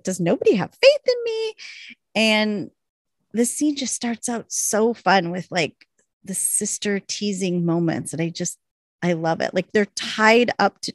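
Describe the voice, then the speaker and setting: Gravelly-voiced woman podcaster. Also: medium pitch, unhurried, dry recording, clean studio sound. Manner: enthusiastic, acts out lines from scenes. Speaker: podcast co-host recapping a TV episode. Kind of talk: casual chat.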